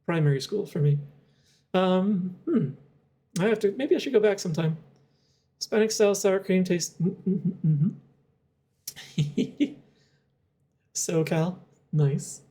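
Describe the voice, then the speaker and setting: A young adult game streamer chats casually while playing, rambling, giggling often, and thinking aloud with many fillers. The voice is medium-pitched, expressive, and warm, with a slow pace and frequent pauses.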